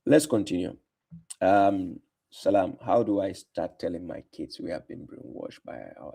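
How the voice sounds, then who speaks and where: His deep voice is gravelly and mellow with a breathy edge, and he takes his time. As a livestream host replying to comments in casual talk, he's mocking and combative and says things over again for emphasis.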